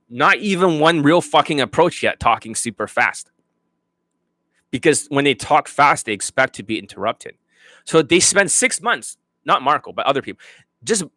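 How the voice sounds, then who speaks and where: A man's voice: a little high, bright, forceful tone, dry recording. A man working as a dating coach, ranting bluntly and profanely to his students. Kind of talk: unscripted monologue to students.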